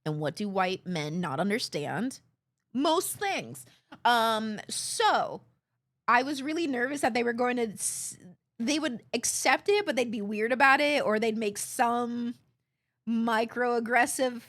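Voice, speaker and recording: Lively young woman telling a story. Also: fairly high pitch, slow. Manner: animated, laughs often, quotes others in bursts. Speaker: streamer. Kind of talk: casual storytelling chat.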